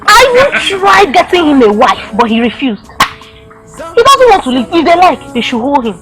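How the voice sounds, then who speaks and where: A woman's voice: high-pitched, sing-song, moderate pace, music in the background, low-quality recording. A woman with a Nigerian accent playing a bitter, scornful villager. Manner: bitter, scolding. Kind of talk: film acting.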